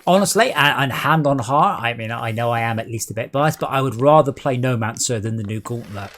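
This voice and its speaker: A man's voice: mid-range voice, fairly quick, a bit bright. A man chatting wryly and sarcastically while streaming a video game. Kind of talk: casual gaming chat.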